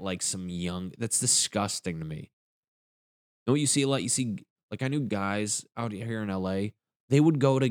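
Young male comic, deep-voiced, crude rambling delivery, dry close recording. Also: no room sound. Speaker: stand-up comedian. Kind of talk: stand-up comedy rant.

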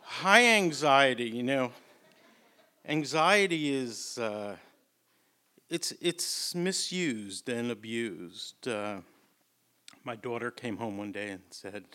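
A man doing stand-up, telling stories with blunt, crude punchlines and halting restarts, on stage before a live audience. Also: medium pitch, expressive, sharp tone. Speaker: stand-up comedian. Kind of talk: stand-up storytelling.

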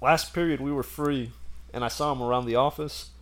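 A man's voice: medium pitch, fairly even intonation, fairly quick, a bit bright. A man telling a story in casual chat, rambling and laughing as he goes.

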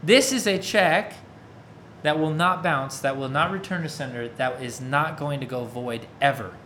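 A man's voice: fairly high pitch, normal speed, bright, forceful tone, a little hiss or hum. A man preaching a sermon in a casual, conversational way, often checking that his listeners follow along. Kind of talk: interactive sermon.

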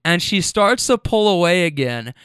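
A man telling rideshare stories on his podcast, loose, profane and animated, laughing along. His voice is smooth and clear, slightly higher than most men, and the sound is close and dry. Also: normal speed, dry recording. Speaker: podcast host and rideshare driver. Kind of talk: casual storytelling.

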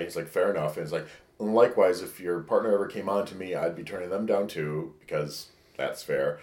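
A man's voice: sits low, brisk, a little mellow. A man co-hosting a podcast who tells a candid, rambling story and acts out the texts he quotes. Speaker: podcast co-host. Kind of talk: casual storytelling. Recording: echoey room.

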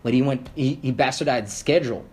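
A man's voice: mid-range voice, fairly quick. A man who grew up speaking Creole, a podcast guest in casual conversation who rambles, swears and restarts a lot. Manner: rambling, animated, swears, many fillers and restarts.

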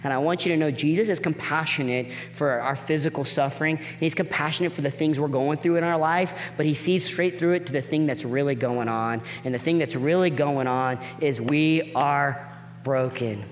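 Animated pastor, high voice, reverberant hall. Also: male voice, slight background noise. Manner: animated, acts out the people in the story with quick voice changes; drops to soft, quiet emphasis on key points. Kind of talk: sermon.

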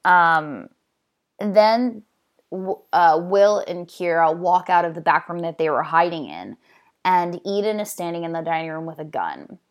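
A woman's voice: on the low side, expressive, a little slow. Chatty woman recapping a film plot. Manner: chatty, filler-heavy, with frequent "um" and "like". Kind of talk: casual movie plot recap.

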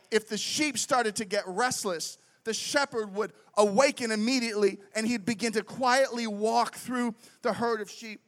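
A young adult man preaching a sermon in an animated, conversational way, telling stories and often asking "right?". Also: extremely high pitch. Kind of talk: sermon with storytelling.

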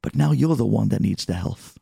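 A man voicing a warm, generous Hasidic man who speaks with emphatic emotion. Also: fairly low pitch, a little fast, vocal fry, husky, no echo, clean studio sound, heavily acted. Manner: emphatic, excited.

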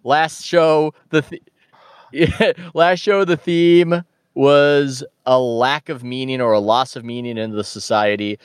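A man co-hosting a podcast in casual chat, telling stories in an animated, joking way over a remote mic. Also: mid-range voice, smooth, no room sound. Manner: animated storyteller, quick and joking. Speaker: podcast co-host.

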